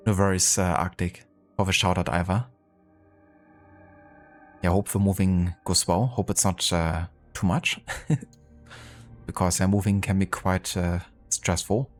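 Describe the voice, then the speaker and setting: A man's voice: sits low, steady tone, measured pace, soft background music. A man streaming a video game live, chatting casually and thanking viewers with many fillers. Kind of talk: casual live-stream chat while gaming.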